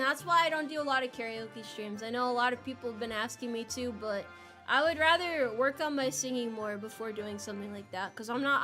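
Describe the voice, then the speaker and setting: A young woman streaming casually at a desk mic, her voice high and bright. She talks in an animated, flustered way, laughing and tripping over repeated words. Soft music plays faintly behind her. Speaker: VTuber streamer. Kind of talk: casual livestream chat.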